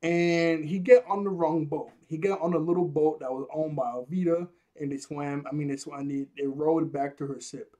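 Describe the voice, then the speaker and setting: A man's voice: a little high, steady tone, normal speed, few pauses, warm tone. A man giving a casual, rambling episode review, laughing often at his own jokes.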